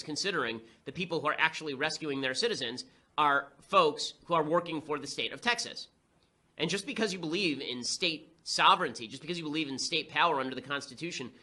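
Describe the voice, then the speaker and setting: A young man delivering a fast, sarcastic, combative political commentary monologue. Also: a little high, sharp tone.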